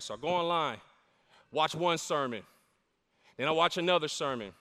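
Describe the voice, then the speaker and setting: A middle-aged male pastor preaching in a high, bright, crisply resonant voice. He delivers the sermon with emphatic fervor and calls out to the congregation. His voice rings with the long reverb of a large church hall. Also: lively intonation, moderate pace. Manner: fervent, emphatic preaching with call-and-response.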